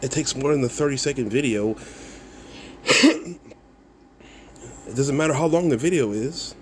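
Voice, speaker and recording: A man of middle pitch ranting back at online critics, scoffing, swearing and laughing at them as he goes. He talks loosely and circles back over his own words. A faint hum of noise sits behind him. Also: a little slow. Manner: mocking, laughs often, swears, repeats himself. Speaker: content creator replying to comments. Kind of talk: casual video rant.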